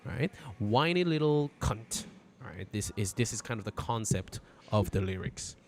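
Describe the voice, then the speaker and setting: A man's voice: fairly low pitch, expressive, unhurried, a little hiss or hum. A man teaching a casual, irreverent language lesson on a live stream from outdoors, swearing freely as he explains. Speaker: Korean teacher.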